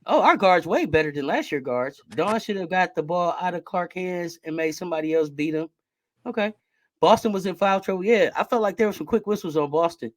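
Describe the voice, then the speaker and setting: A man with a high, light voice hosts a relaxed sports talk. His stays easygoing as he throws questions at his guests. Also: brisk. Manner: laid-back, asks guests questions. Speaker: host. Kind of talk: casual sports chat.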